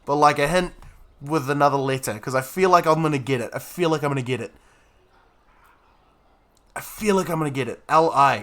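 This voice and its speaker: A young man giving playful, excitable live gameplay commentary, often laughing while chatting with his viewers. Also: fairly high pitch, a little fast, pauses often. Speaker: streamer.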